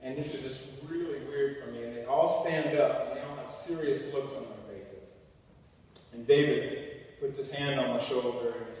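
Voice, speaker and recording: A middle-aged man gives a humorous, animated storytelling speech to students and acts out the people he quotes. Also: medium pitch, moderate pace. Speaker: guest speaker. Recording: echoey hall from far off.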